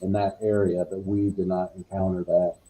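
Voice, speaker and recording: Low-voiced middle-aged man, matter-of-fact. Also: flat delivery, moderate pace, warm tone, rough recording. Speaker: podcast guest. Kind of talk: casual storytelling.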